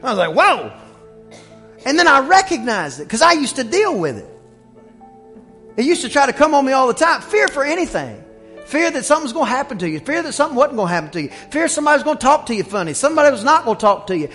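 A man preaching a sermon as pastor, telling stories and breaking into shouts on his strongest points. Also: very high-pitched, very animated, faint music behind. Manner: preaching with rising shouts and quick asides.

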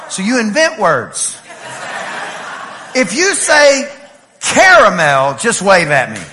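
A man from East Texas with an East Texas accent, preaching a lively sermon and telling playful stories to his congregation. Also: high voice, slight background noise. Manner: animated, playful storytelling with laughs and shouts. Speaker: pastor.

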